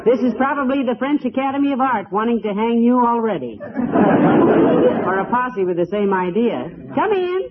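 A woman's voice: on the high side, animated, moderate pace, a loud crowd, natural voice. A woman playing a patient, dry-witted middle-aged wife who teases her husband, in 1940s radio comedy. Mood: teasing. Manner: dry, teasing. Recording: tinny noisy old radio broadcast, audience laughter.

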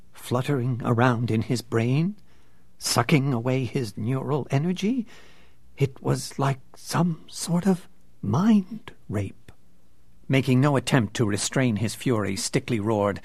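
A man's voice: medium pitch, animated, measured pace, a little mellow, breathy edge, no echo. A man reading a novel aloud as narrator, with dramatic storytelling. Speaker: audiobook narrator. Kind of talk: scripted narration.

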